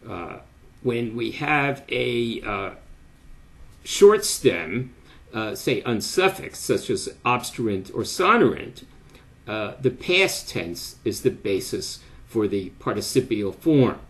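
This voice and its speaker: An older man giving an academic lecture, speaking deliberately with frequent pauses and fillers. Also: mid-range voice, very animated.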